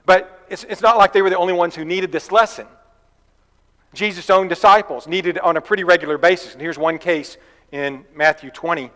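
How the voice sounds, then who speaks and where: A man's voice: high voice, fairly even intonation, fairly quick, sharp tone. Man preaching in an echoing church hall. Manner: conversational, folksy storytelling with asides. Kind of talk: sermon. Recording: long reverb of a church hall.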